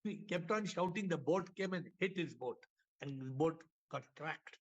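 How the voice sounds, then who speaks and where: A man's voice: fairly high pitch, moderate pace. A man gives a spiritual talk full of parables, repeating his phrases and acting out the voices in his stories. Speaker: spiritual teacher. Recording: dull lo-fi recording.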